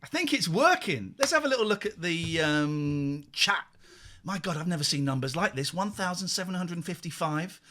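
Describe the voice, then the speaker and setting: A man's voice: on the high side, expressive, moderate pace, sharp tone. A man hosting a late-night live phone-in show, chatting and joking with callers in a teasing way. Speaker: radio phone-in host. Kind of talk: casual live phone-in chat.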